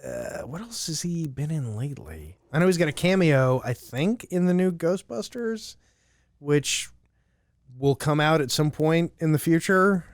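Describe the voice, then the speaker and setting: A man from Louisiana chats as a podcast co-host, rambling along. His voice sits fairly high, recorded dry and close. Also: animated, a little slow, dry recording. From Louisiana, USA. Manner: rambling, lots of fillers and restarts. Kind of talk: casual chat.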